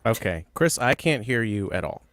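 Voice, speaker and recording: A man's voice: on the low side, sing-song, moderate pace, crowd noise. A man hosting a casual online chat on a video call, a bit awkward in manner. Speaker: host.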